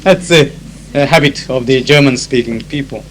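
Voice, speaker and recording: In a recorded spoken diary, a conference interpreter with a Japanese accent talks at normal speed in a mid-range, slightly bright voice. He tells anecdotes riddled with fillers and uses Japanese to explain phrases, while the old tape yields low-quality sound and a faint hum.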